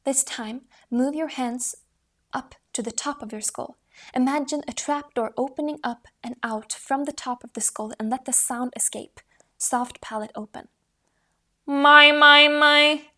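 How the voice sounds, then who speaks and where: A woman reading aloud from a voice training book in a steady manner, stopping to demonstrate vocal exercises. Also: fairly high pitch, moderate pace. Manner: reads steadily, demonstrates vocal exercises with rising sung tones. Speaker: voice book reader.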